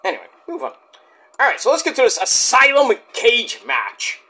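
Guy reviewing wrestling, talks high and bright, swears a lot and jokes around. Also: huge pitch swings, moderate pace. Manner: rambling, swearing, jokey asides. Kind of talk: casual spoken review.

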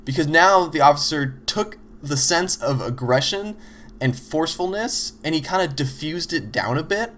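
A show host explains teamwork in a loose, conversational instructional talk, leaning often on "you know" and "like" and acting out little example dialogues. His voice is fairly high and a bit bright.

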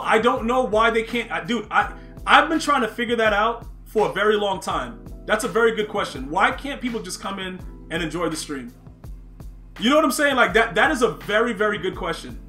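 A man's voice: high voice, sing-song, normal speed, pushed and bright, faint music behind. A young man live-streaming a football video game, reacting to chat and play, often repeating himself. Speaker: gaming streamer.

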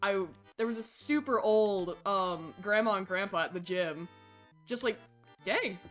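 A woman streaming a game and chatting with her viewers, excitable and squealing over cute animals, swearing casually, with faint game music behind her. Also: medium pitch, a little slow. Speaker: Twitch streamer. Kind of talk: casual gaming livestream chat.

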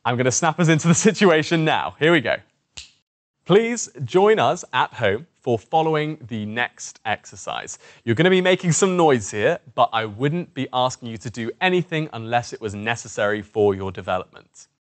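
A man's voice: medium pitch, sing-song, moderate pace. Encouraging male voice coach. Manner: encouraging, demonstrative, coaxing participants along. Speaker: presentation skills coach. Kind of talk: instructional voice warm-up lesson.

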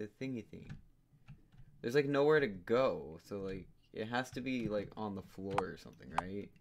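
A gamer commentating a puzzle game, rambling, swearing, and muttering and humming to themself. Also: mid-range voice. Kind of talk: let's play commentary. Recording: noisy home recording with keyboard clicks.

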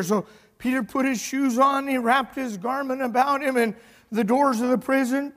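A male pastor tells a scripture story to his congregation, swinging from booming to hushed. His voice sits unusually high for a man. It rings out in a church sanctuary with a long, trailing reverb. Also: normal speed. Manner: storytelling, animated, swings between loud and hushed. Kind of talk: sermon.

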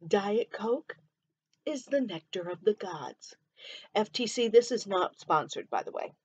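A woman's voice: mid-range voice, expressive, unhurried, breathy edge, muffled recording. A woman from Michigan with a mixed Southern and Midwestern accent, hosting a casual solo podcast and chatting freely, often drifting onto tangents. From Michigan, USA. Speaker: podcast host.

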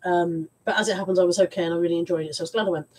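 Husky woman with a head cold. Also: fairly low pitch, steady tone, racing, a little mellow, rough recording. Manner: chatty, rambling, self-mocking. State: stuffy head cold, coughing. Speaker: YouTube live streamer. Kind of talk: casual live-stream chat.

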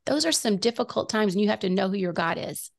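A middle-aged woman with a gravelly edge in her mid-pitched voice recounts a personal story on a faith talk show. She speaks earnestly and often restarts her sentences as she goes. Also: lively intonation, fast. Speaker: guest.

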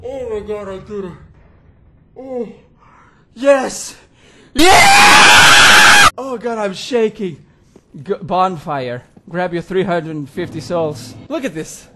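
A man commenting as he plays a video game, excitable, yelling, swearing and laughing at it, with game music behind him. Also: sits high, takes it slowly, pauses often, noisy background. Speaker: gaming video host. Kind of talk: live let's-play commentary.

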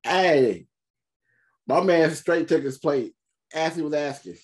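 A man hosting a movie reaction, talking in an animated, slangy way with quick joking asides. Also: a little high, slightly rough. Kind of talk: casual reaction commentary.

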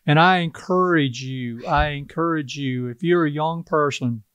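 A man's voice: fairly high pitch, a bit bright, smooth, dry recording. Older man with a Carolina twang. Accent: South Carolina Southern. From South Carolina. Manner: folksy, unhurried, earnest. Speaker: tribal chief, interview guest. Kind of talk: casual interview talk.

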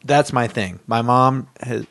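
A man's voice: mid-range voice, a little slow, gravelly, a bit bright, dry recording. Dry-sounding male podcast co-host. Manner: rambling, hesitant, with fillers. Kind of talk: casual podcast chat.

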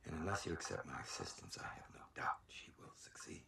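A gravelly, menacing warner of doom. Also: male voice, very animated, quick pace, in a whisper, heavily acted. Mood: ominous. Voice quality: low gravelly murmur. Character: calm menacing older man warning of a killer. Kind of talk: film drama dialogue.

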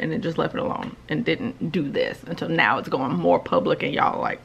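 A woman's voice: low voice, fairly even intonation, fairly quick, gravelly, few pauses, dull audio, slight background noise. A woman vlogging about books, ranting bluntly and profanely to her camera at home. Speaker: book vlogger. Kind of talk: ranting commentary vlog. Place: home recording.

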